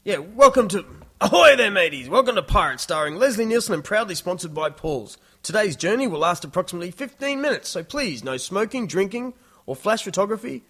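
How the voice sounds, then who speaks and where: A man's voice: high-pitched, sing-song, brisk, fairly bright tone, husky, voice pushed up, exaggerated voice. A man voicing a cheery male theme-park pirate show presenter with a showman's announcer delivery and an Australian accent. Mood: theatrical.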